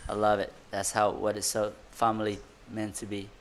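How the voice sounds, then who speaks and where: A man's voice: lowish voice, monotone, moderate pace, slight background noise. A male surf commentator calls the heat live with easy enthusiasm, letting out little exclamations as riders carve. His phrasing is loose and conversational, drifting into chatty asides between waves.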